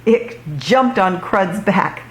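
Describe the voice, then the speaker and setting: A woman reads a children's picture book aloud in a slow, deliberate way. Her storytelling is expressive, and her pitch sits in a middle range.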